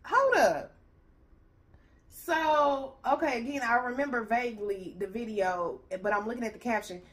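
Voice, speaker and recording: A woman's voice: a little high, normal speed, a bit bright. Profane, sassy woman commentator. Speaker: reaction video host. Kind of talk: ranting reaction commentary.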